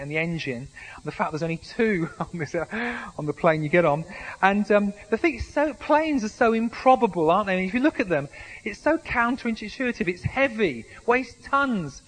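A preacher talks through his sermon with a notably high voice and an easy, chatty delivery. He jokes at his own expense and often restarts sentences as he goes. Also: a bit bright, rough recording. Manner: conversational, self-deprecating humour, frequent restarts. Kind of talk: sermon with anecdotes.

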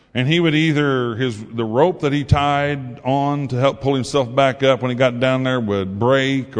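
A man giving a sermon testimony, telling his story in a folksy way and acting out the voices in it. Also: mid-range voice. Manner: folksy storytelling, acts out quotes. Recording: long hall reverb.

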